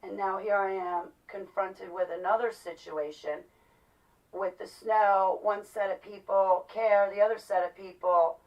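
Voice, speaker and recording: A middle-aged woman giving an agitated personal monologue, swinging between loud outbursts and low, quiet stretches. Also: steady tone, unhurried, distant mic, highs cut off. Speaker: vlogger.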